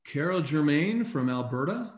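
A man co-hosting a live online recognition event, reading out names in an upbeat way and often clearing his throat, speaking over a video call. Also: a little high, animated, moderate pace, muffled recording. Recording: echoey room on a video call.

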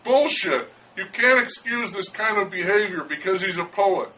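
A man voicing an irate French baker who shouts and blusters at a neighbor. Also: high voice, expressive, moderate pace, recorded from a distance, slight background noise, low-quality recording. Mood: indignant. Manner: loud, indignant, blustering.

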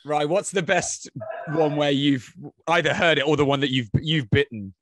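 A man with a fairly high voice, recorded dry and close. He hosts a casual podcast chat and moves it along with short, prompting questions. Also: normal speed, a bit bright, no echo.

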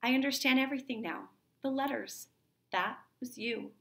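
A woman's voice: high voice, normal speed, gravelly, a bit bright, voice pushed up. A woman reading aloud the part of a grieving young woman in love, in an earnest, pleading manner.

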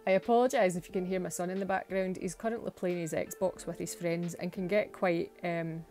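A Scottish woman talks through her nail work in a relaxed home voice-over, with a lower voice than most women. She pokes fun at herself and breaks into giggles often. Soft music plays faintly underneath. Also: fairly quick. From Scotland. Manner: chatty and self-mocking, laughs often, says "wee". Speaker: nail art vlogger. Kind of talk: casual voice-over narration.

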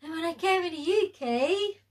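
A woman's voice: very high-pitched, lively intonation, normal speed, low-quality recording. A woman from the Philippines, chatting casually on a vlog and often restarting her sentences. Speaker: vlog co-host. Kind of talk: casual chat to camera.

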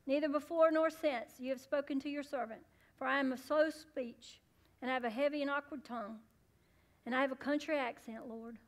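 A woman pastor preaching a sermon in church, calling out to the congregation and rising to loud, fervent peaks. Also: sits high, fairly even intonation, fairly quick. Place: church sanctuary.

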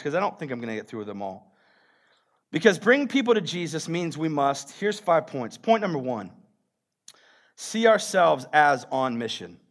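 A man preaching a sermon as pastor, animated, building to loud peaks and calling out to the congregation. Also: fairly high pitch. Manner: acts out quoted voices in a casual street tone.

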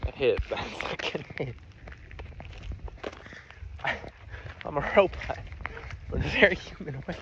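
Strolling outside, a young man talks in a high-leaning, animated voice at an unhurried pace with long pauses, rambling through a casual vlog. He's giggly and keeps holding back laughs, and the dull lo-fi audio picks up outdoor noise.

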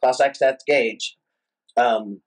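Husky-voiced man telling a story. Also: mid-range voice, takes it slowly, rough recording. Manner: animated, profane, rambling anecdotes. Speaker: rock singer, guest. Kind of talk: casual storytelling interview.

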